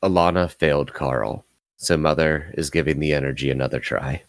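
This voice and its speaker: A man's voice: extremely low pitch, moderate pace. A man voicing a solemn, imposing hero. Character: solemn imposing male hero, calm and unaggressive.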